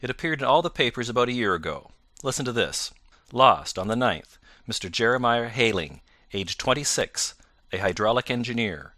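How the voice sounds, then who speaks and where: A man's voice: fairly low pitch, pushed and bright, no room sound, clean studio sound. A man reading as Sherlock Holmes, cool and precise. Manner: measured, precise, self-assured. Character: Sherlock Holmes, calm incisive male detective.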